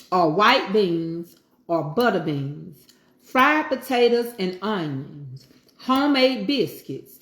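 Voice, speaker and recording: A woman's voice: medium pitch, echoey room. Folksy woman talking over a meal. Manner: folksy Southern talk, preachy asides. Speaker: home cooking vlogger. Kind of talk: casual chat while eating.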